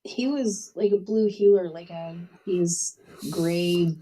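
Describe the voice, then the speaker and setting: A woman getting a spiritual reading over a video call, hesitant and unsure, laughing softly. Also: fairly low pitch, takes it slowly, rough recording. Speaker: guest receiving a reading. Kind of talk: casual chat.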